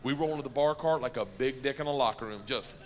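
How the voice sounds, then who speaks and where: A middle-aged man telling a story in stand-up, loud and animated, laughing at his own asides. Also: medium pitch, fast talker, big-room sound, background noise. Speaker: stand-up comedian. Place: stage.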